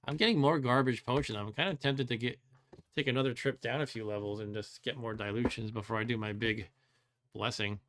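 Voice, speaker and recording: Guy doing game commentary, average voice, thinks out loud, second-guesses stuff, dry little gripes. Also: mid-range voice, fairly even intonation, brisk, noisy background. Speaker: host. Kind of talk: let's play commentary.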